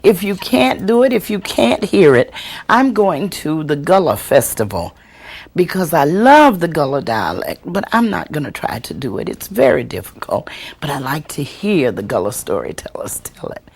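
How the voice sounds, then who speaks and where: A woman storyteller teaching a workshop and answering audience questions, expressive and deliberate, acting out the voices she quotes. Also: low voice, vocal fry, husky. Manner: slow, deliberate delivery with chuckles.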